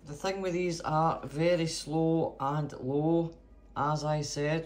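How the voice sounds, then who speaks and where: A man's voice: fairly high pitch, fairly even intonation, slow, a little mellow. A man chatting casually in his home kitchen as a cooking vlogger, theatrical and full of cheery exclamations.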